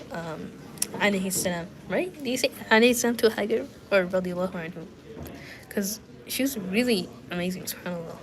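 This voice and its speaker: A young woman with a stuffy, nasal cold and a cough, chatting casually and rambling to her live stream viewers from a university building, full of fillers as she thinks aloud. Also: mid-range voice. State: sick, nasal and congested with a cough. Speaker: study livestreamer.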